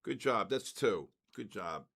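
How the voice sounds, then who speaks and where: An older man hosting a trading livestream, cheerfully calling out raffle winners in a drawn-out announcer way. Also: lowish voice, expressive, creaky, fairly bright tone, slightly rough. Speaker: trading stream host.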